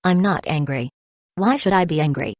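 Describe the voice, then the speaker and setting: A woman voicing a vindictive young man who talks with mock gentleness and sarcasm. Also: sits low, moderate pace, dry recording, clean studio sound. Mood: sarcastic.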